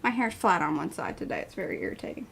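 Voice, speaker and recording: A woman's voice: on the low side, wildly swooping pitch, fast talker, creaky, a bit bright, slight background noise. A woman hosting an art livestream in her home studio, chatting playfully and teasing herself. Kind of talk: casual livestream chat.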